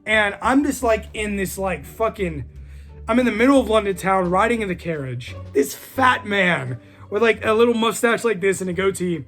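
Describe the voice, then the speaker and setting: A man's voice: sits high, animated, moderate pace, a bit bright, soft background music. A man telling a story in a rambling, casual way, full of fillers and swearing. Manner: rambling, many fillers, profane. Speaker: storyteller vlogger.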